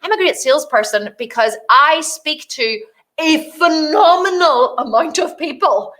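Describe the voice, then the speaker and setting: A woman's voice: sits high, animated, a little slow, a bit bright. A woman business coach hosting a solo podcast, talking casually and animatedly, swearing freely and acting out the voices of people she describes.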